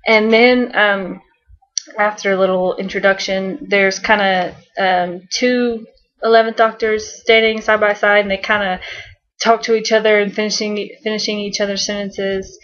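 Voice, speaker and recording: A young-sounding woman chats her way through a fan countdown, bubbly and rambling, full of "um"s and soft giggles. Her voice sits at an ordinary middle pitch. The home recording sounds dull and lo-fi. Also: little pitch movement, normal speed. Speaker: vlogger. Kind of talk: casual fan countdown chat.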